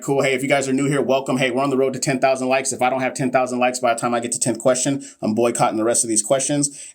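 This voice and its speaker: A man hosting a live nursing exam review, joking with viewers and reading questions casually. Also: mid-range voice. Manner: playful, joking, talks straight to viewers. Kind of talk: casual livestream teaching.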